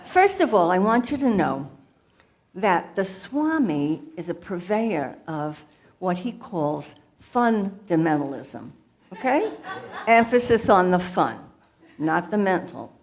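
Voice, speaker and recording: A woman's voice: fairly low pitch, very animated, takes it slowly, exaggerated voice. A woman putting on a brash jokey lady guru. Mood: jovial. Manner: boisterous, jokey, laughing between lines. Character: playful brash female guru alter ego.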